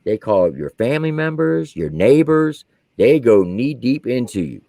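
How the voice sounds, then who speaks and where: A gravelly man in his forties spins a profane war story with wildly lively pitch. He drops into low asides, then bursts out loud on the punchlines. His voice sounds close and dry, with no room around it. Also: normal speed, no room sound. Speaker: army veteran guest.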